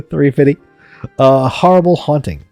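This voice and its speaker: Excitable, jokey man streaming a game. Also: a little high, no room sound. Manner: excitable, jokey, laughing often. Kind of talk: game commentary and reading.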